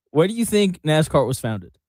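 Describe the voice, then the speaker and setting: A man hosting sports talk radio, his voice sitting a little high for a man. He jokes around and laughs a lot, throwing in quick asides, and the studio sound is dry and close. The feel is loose, easy banter. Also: darkish tone, no room sound.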